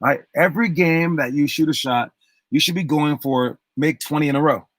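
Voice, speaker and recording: A man's voice: fairly high pitch, a little fast, a bit bright, no room sound. Man coaching players, dry close sound. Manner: retells a story with acted-out quotes and many restarts. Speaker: basketball coach. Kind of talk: motivational talk.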